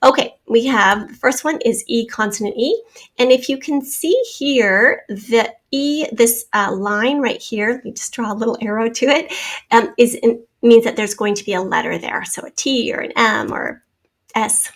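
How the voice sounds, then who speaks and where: Female teacher, slightly raised pitch, patient and clear, sounds words out slowly for a spelling lesson. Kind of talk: spelling lesson over screen drawing.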